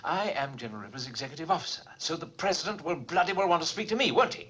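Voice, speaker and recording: An actor playing a polite, clipped RAF officer in old film audio. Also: male voice, fairly high pitch, sing-song, racing, sharp tone, a little hiss or hum. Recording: dull film soundtrack audio.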